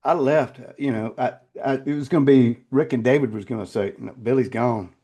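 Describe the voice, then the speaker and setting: An older man recounts personal memories as an interview guest. His voice is mellow and warm, sitting at a middling pitch. He halts, repeats words and restarts, and turns quiet and choked when the stories get emotional. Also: a little fast.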